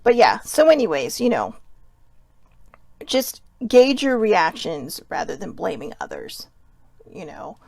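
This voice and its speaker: A woman's voice: fairly low pitch, very animated, a little slow, gravelly, long pauses, a little mellow, dry recording. A woman hosting a casual self-help chat show, talking in a chatty, rambling way with whispered asides. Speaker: host.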